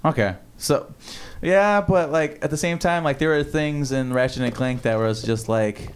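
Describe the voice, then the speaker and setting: A man's voice: a little high, normal speed, clean tone. A young man hosting a casual podcast, rambling and swearing with lots of fillers. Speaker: podcast host. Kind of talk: casual chat.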